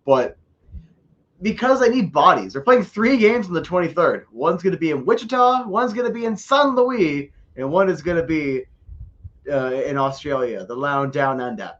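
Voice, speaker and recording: A man's voice: on the high side, animated, moderate pace, a bit bright, lo-fi sound. A man co-hosting a casual sports podcast, joking and rambling and often repeating words as he talks. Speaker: podcast co-host.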